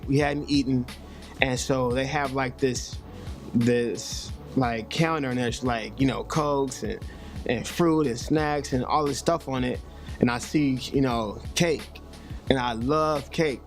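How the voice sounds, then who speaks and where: A touring rapper telling a wild story in an animated way, acting out the people in it. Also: male voice, medium pitch, a little slow, faint music behind. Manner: animated storytelling, acts out voices.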